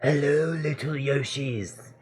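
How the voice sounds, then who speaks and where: A man's voice: a little high, takes it slowly, pitched above the performer's own voice. A man putting on a smug old wizard turtle. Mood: sly.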